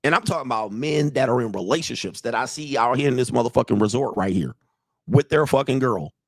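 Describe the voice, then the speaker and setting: A man in the middle pitch range talks straight into a dry, close mic, delivering a blunt, profane livestream rant as a dating coach. He repeats his points and keeps pressing his viewers to say whether they disagree. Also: animated, quick pace, gravelly, no echo. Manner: blunt, profane, repetitive, asks the audience for agreement. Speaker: dating and relationship coach streaming live. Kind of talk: casual livestream monologue.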